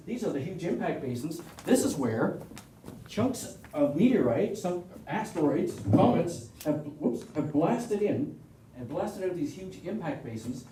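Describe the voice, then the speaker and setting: A man with a Canadian accent talks his audience through a hands-on presentation, rambling and joking as he goes. His voice sits a little on the high side. He is picked up from a distance in a reverberant meeting room with a faint hiss underneath. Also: warm tone. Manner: chatty, rambling, with frequent restarts and joking asides. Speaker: presenter at an astronomy club meeting.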